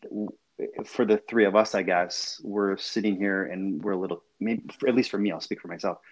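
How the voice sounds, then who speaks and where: A man's voice: low-pitched, fairly even intonation, normal speed. A man hosting a discussion, talking casually and hesitantly, often repeating words. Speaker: host.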